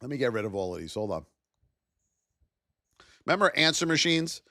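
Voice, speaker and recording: A man running a live stream, calling out price levels for a trading lesson in an energetic, playful way and chatting with viewers. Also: mid-range voice, normal speed, no room sound. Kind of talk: live stream market commentary.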